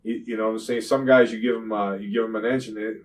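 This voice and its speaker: An older man, a retired wrestler, telling rambling profane stories in an interview, often saying "you know what I'm saying" and getting loud when he retells fights. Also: fairly low pitch, fast talker, distant mic, rough recording. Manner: grows loud and animated when retelling confrontations. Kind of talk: shoot interview storytelling.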